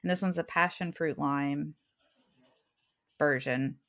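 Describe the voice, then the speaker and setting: Gravelly low-voiced woman chatting casually. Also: slow pace, a bit bright. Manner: easygoing, laughs often. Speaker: podcast co-host. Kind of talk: casual chat.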